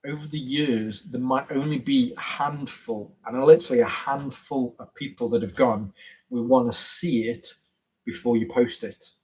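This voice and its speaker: A man's voice: medium pitch, moderate pace, darkish tone, slightly rough, rough recording. A man hosting a casual live stream, rambling and chatty with plenty of fillers and self-corrections. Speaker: YouTube channel host on a live stream.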